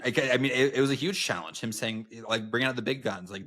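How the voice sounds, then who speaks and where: A man's voice: medium pitch, quick pace, hardly any pauses, bright, forceful tone. A young man co-hosting a podcast, telling stories in casual chat with many fillers and restarts. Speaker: podcast co-host.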